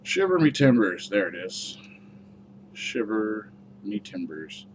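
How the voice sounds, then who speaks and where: A man putting on a playful pirate voice, drawing out a catchphrase in a gruff growl. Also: lowish voice, big pitch swings, slow pace, far from the mic, a little hiss or hum, poor audio. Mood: hammy.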